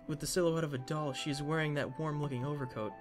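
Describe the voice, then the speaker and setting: A man's voice: on the high side, steady tone, fast, music in the background. A man reading a visual novel aloud in a dramatic way, slipping in joking asides. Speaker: game narrator.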